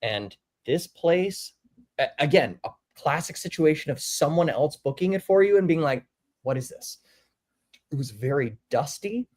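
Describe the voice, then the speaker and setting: A man casually telling a story in a group chat, acting out quoted lines with big swings in voice. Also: moderate pace. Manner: animated, acts out quotes with big pitch swings.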